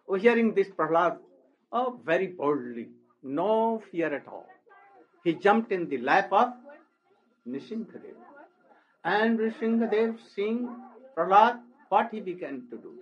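A man tells a sacred story at a slow, unhurried pace, his voice sitting high for a man. He delivers the sermon in halting phrases and often breaks in with an exclamatory "oh". The recording is dull and lo-fi. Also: expressive. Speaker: spiritual teacher.

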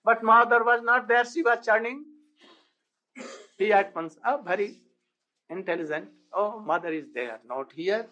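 Slow, high-voiced man telling a devotional story. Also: sharp tone, lo-fi sound. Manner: slow, halting, with rhetorical questions. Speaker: spiritual lecturer.

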